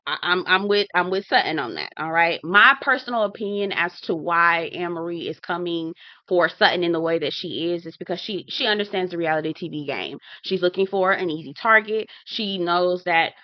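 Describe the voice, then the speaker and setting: Addressing her viewers directly, a female reality TV reviewer gives relaxed commentary and dramatizes her reactions. She has a fairly low voice and a normal pace, recorded with lo-fi sound and no echo.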